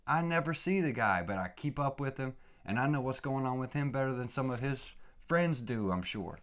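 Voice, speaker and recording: Animated man ranting, voice swinging to shouts. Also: mid-range voice. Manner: casual, swears lightly, says "dude" and "man". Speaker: podcast host. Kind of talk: solo podcast rant.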